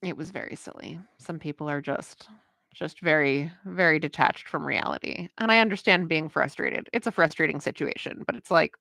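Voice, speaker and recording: A woman's voice: sits low, normal speed, gravelly, pushed and bright, dry recording. A woman comic artist chatting casually while she draws on a livestream, rambling through a story with lots of filler words and frequent laughter. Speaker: comic artist streaming her work.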